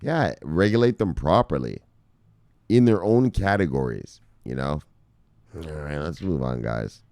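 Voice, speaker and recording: Deep-voiced man ranting in a dry room. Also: big pitch swings, measured pace, a little mellow, dry recording. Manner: ranting, swearing, laughing asides. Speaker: crypto news vlogger. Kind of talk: casual profane news commentary.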